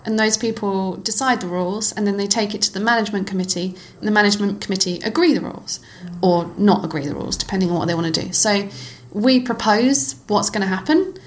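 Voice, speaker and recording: A middle-aged woman, a former cyclocross racer, chatting as an interview guest and telling lively stories with frequent laughter. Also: medium pitch, fast, few pauses. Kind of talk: casual conversational storytelling.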